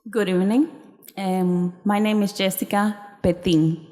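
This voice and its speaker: A woman giving public comment at a school board meeting, halting and emotional, apologizing as she speaks. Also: medium pitch, fairly even intonation, dark tone. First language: not English. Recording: reverberant hall.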